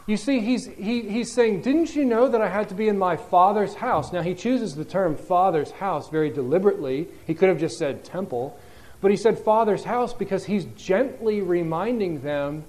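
Conversational male preacher, higher voice. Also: expressive, unhurried, a little mellow. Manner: conversational, explanatory, with repeated restarts. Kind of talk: sermon.

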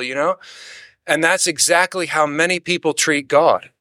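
Bright-voiced man teaching a Bible lesson. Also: a little high, fairly quick, no echo, studio quality. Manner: steady explanatory delivery with rhetorical questions; acts out quoted complaints in animated bursts.

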